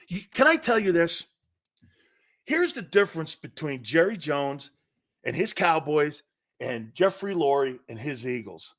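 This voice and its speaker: A man hosting a sports talk show holds forth with blunt, animated opinions. His voice sits fairly high for a man and swings widely in pitch. He sounds middle-aged and tells stories with loud bursts and sudden drops.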